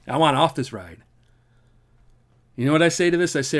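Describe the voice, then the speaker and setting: A man from the United States talks straight to camera in a loose, earnest vlog ramble, often repeating a phrase and letting out a wry laugh. His voice sits a little higher than most men's. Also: expressive, moderate pace, pauses often. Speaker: vlogger. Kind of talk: casual spoken commentary to camera.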